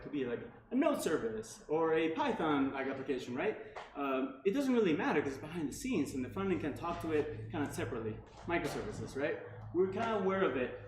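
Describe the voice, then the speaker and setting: A man with a slightly high voice gives a relaxed tech talk at a meetup, leaning on filler words and asking the room "right?" often. The sound is echoey, as if recorded in a room, with faint noise underneath. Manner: casual, filler-heavy, frequent "like" and "right?". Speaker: meetup speaker.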